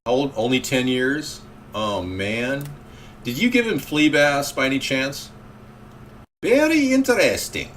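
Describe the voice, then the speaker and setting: A man's voice: medium pitch, animated, a little slow, a bit bright. Male talk host, rambling call-in chat, faint hiss behind. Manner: rambling, reacting to callers and chat.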